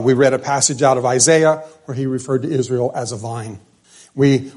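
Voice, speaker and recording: A man preaching a sermon, stressing words hard and then dropping to quiet lines. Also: mid-range voice. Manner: emphatic, swings between loud stresses and quiet drops.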